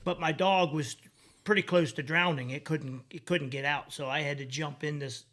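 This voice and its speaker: A man telling a hunting story in casual talk, loud and stumbling over words. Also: fairly high pitch, steady tone, normal speed. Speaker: guest. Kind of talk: casual chat.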